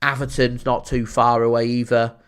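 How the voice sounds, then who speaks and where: A man chatting casually as a football fan streaming a watchalong, rambling with many fillers and getting excited when reacting to the play. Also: medium pitch, moderate pace, smooth. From Greater Manchester, England. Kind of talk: casual watchalong chat with live match reaction.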